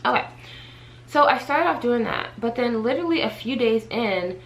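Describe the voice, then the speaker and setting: A woman vlogger chatting to her viewers in a casual storytime, animated and talkative as she addresses them directly. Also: fairly high pitch, normal speed, rough recording. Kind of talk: casual storytime chat to camera.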